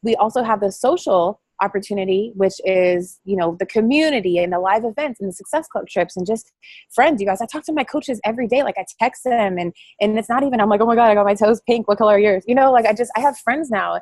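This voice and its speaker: A woman giving a chatty, excitable motivational talk to her coaching team over a call, rambling and quick to laugh. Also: mid-range voice, no echo. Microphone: phone or call line.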